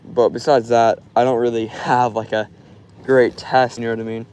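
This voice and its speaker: A man's voice: medium pitch, flat delivery, normal speed, darkish tone, a little hiss or hum, poor audio. A young man from Florida chatting loosely through a fishing live stream outdoors, filling his talk with "like". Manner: loose and rambling, full of "like". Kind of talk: casual live stream chat. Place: outdoors by a river.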